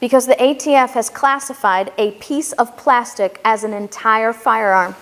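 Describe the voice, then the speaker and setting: A woman's voice: on the high side, normal speed, a bit bright. A woman giving an emphatic history lecture at a venue, telling the events as a story to her audience. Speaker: speaker and educator. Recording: echoey hall reverb.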